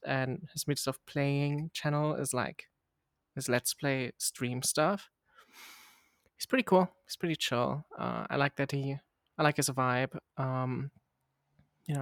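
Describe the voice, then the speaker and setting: A man, a native German speaker, co-hosting a podcast in casual chat with a blunt, deadpan manner. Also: a little high, clean tone, no echo, studio quality. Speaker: podcast co-host. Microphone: remote call microphone.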